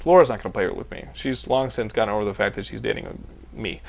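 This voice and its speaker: A Texas man in his thirties hosts a casual podcast, telling rambling, profane stories and laughing through them. His voice is lowish and a little mellow with vocal fry, and he talks at a quick pace.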